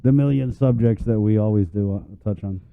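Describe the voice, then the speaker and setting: A man's voice: on the low side, brisk, gravelly. Radio host guy joking around, laughs a lot, sounds like it's coming through a phone line. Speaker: radio talk show host. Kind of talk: casual radio chat.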